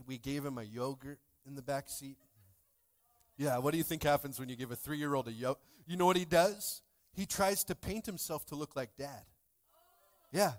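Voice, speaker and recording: A man in his thirties preaching a sermon in a church, full of jokes and playful asides to the congregation, swinging between loud bursts and soft asides. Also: high-pitched. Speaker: pastor. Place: church sanctuary.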